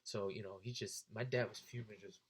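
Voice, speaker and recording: A young man telling a story in a casual, animated way, his voice jumping high when he gets excited. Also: fairly quick, slightly rough. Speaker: vlogger.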